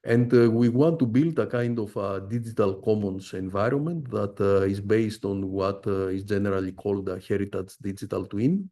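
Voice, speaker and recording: A middle-aged man giving an academic presentation as a visiting professor, speaking haltingly with frequent "uh" fillers. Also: fairly low pitch, mellow.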